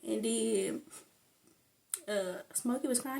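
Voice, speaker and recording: Gravelly rambling woman chatting casually. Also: medium pitch, steady tone, a little fast, a little mellow, a little hiss or hum. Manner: rambling, tangent-prone, laughs often. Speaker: vlogger. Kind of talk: casual chat about stand-up comedy.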